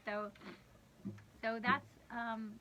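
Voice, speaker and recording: A woman's voice: a little high, flat delivery, drawn-out words, a little hiss or hum. Chatty woman sharing a faith story. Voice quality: laughs often mid-sentence, warm and candid. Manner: rambling, conversational storytelling with many restarts. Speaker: worship leader sharing a devotional. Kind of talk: livestreamed church devotional talk.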